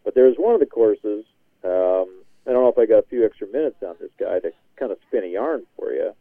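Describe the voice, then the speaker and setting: A man's voice: on the low side, lively intonation, brisk, no room sound. A man telling a long, rambling story as a guest on a casual podcast, laughing often and dropping "man" into his sentences. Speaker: guest contributor. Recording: tinny, dry phone line.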